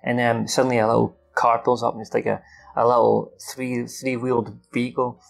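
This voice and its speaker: A man's voice: medium pitch, level tone, brisk, gravelly, soft background music. A man recapping a film's plot off the cuff, swearing often and acting out the characters' lines. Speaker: film reviewer.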